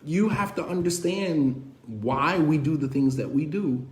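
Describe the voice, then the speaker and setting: High-voiced man lecturing in a roomy space. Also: a little slow. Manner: direct, keeps asking "you understand?"; animated, sarcastic storytelling with laughs. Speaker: lecturer on marriage. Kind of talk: conversational lecture.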